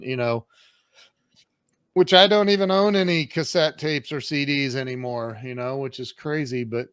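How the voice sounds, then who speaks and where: Fifties male guest, mid-pitched, candid and emphatic, recorded dry. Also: clear, resonant tone, dry recording. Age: 50s. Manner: candid, emphatic, acts out quoted exchanges. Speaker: podcast guest. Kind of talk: casual storytelling in an interview.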